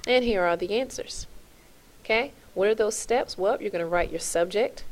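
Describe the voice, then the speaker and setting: A woman's voice: medium pitch, normal speed, a little hiss or hum. A woman teaching a French lesson to her class, spelling out verb endings in a chant and checking in with "okay?" as she goes.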